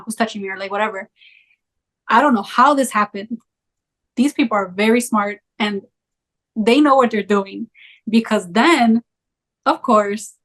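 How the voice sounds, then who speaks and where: A young woman in casual conversation, telling a travel story in a chatty, animated way with lots of fillers. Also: fairly high pitch. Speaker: travel creator.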